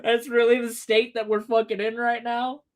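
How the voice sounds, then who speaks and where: A man's voice: extremely high pitch, flat delivery, normal speed. A man hosting a livestream, commenting in a casual, sarcastic and profane way, laughing often and putting on mocking voices. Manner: mocking put-on voices for imagined people. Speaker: livestream host.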